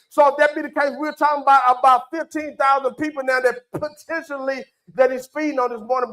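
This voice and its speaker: High-voiced preacher man. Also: fairly bright tone, rough recording. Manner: folksy preaching with call-and-response asides. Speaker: pastor. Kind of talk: sermon. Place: church.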